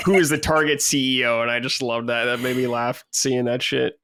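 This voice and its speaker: A man's voice: mid-range voice, fairly quick, few pauses, no echo, studio quality. Swearing, storytelling male podcast co-host. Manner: swears freely, animated storytelling. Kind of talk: casual chat.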